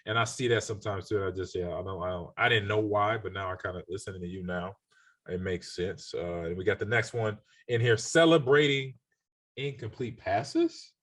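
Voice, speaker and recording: A man's voice: fairly low pitch, fairly even intonation, fairly quick, fairly bright tone. A man in his forties, a former football player co-hosting a podcast, chatting casually in an easygoing, agreeable way. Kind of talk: casual sports chat.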